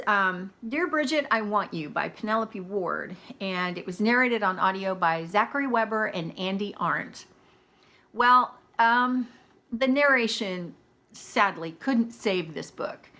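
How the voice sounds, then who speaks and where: Chatty woman reviewing audiobooks. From United States. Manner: chatty, candid, animated pitch swings. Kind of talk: casual video review.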